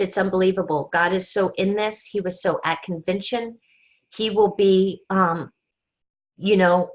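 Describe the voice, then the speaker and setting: Earnest woman on a lo-fi call. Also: medium pitch. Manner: earnest, faith-driven, storytelling with quoted asides. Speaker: team leader. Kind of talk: team call recap. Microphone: conference call.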